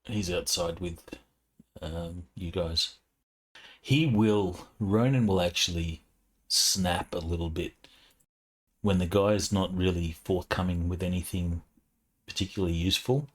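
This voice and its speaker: A man narrating as game master of a tabletop role-playing game, relaxed, with many fillers. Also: low-pitched, measured pace.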